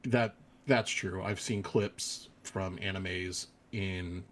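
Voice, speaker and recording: Male podcast host, young, low-pitched, halting casual delivery. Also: steady tone, fairly bright tone, a little hiss or hum. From United States. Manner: hesitant, many ums and restarts. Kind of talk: casual chat.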